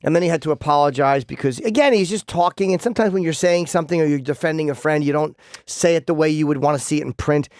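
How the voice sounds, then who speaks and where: A man's voice: on the high side, fast, a little mellow, dry recording. A male radio host in casual studio banter, rambling through stammered restarts and swearing freely.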